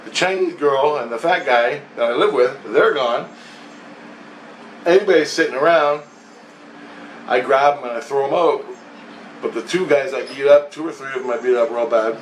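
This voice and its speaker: A vlogger with a mid-range voice narrates a long dream at normal speed, pausing often, cursing, wandering and laughing between phrases. The sound is distant from the mic, with a roomy echo and faint hiss.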